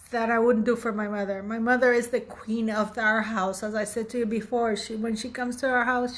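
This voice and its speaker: Woman host, 50s, slightly high voice, blunt and fired-up opinion vlogging. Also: fairly even intonation, normal speed, hardly any pauses, a bit bright. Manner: emphatic, blunt, indignant. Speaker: channel host. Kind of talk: opinionated commentary vlog.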